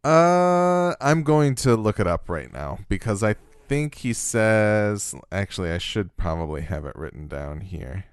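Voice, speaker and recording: A man's voice: lowish voice, sing-song, measured pace, few pauses, smooth, no echo, clean studio sound. A man co-hosting a podcast in casual chat, thoughtful and a little hesitant, with fillers and restarts. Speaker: podcast co-host.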